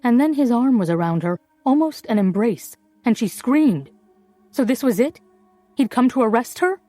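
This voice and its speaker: A woman reading a novel aloud as audiobook narrator, in measured storytelling. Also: on the high side, lively intonation, dark tone, no echo, soft background music. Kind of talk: scripted narration.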